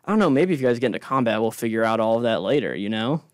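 Man as game master for a tabletop game, chatty and rambling, even middle pitch, dry close recording. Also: very fast, dry recording. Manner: rambling, explains rules with many fillers.

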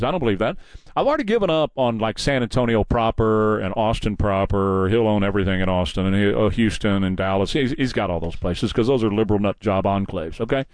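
A man's voice: on the low side, smooth, no room sound. A man hosting a combative, mocking political commentary monologue.

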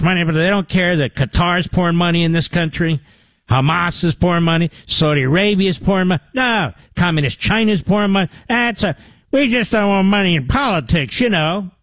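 Older male talk radio host, combative sarcastic monologue, slightly high voice, dry booth. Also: no room sound. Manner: sarcastic, mocking asides to producer.

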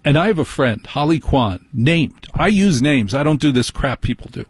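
A man's voice: medium pitch, expressive, normal speed, husky, dry recording. A man hosting a talk radio show, ranting sarcastically and bluntly about things that annoy him. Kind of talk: opinionated talk radio monologue.

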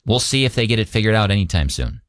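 A man's voice: lowish voice, very animated, quick pace, a little hiss or hum. A man co-hosting a radio show, chatting casually about the news with loose, restarting sentences. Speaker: radio co-host.

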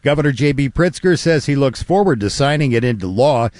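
A man delivering a radio news report in a crisp scripted way. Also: medium pitch, lively intonation, a little fast, a little mellow, no echo, studio quality.

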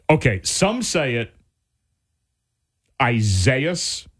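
A man hosting a radio talk show, chatting casually in an animated, rambling way with restarts. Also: mid-range voice, normal speed. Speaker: radio host.

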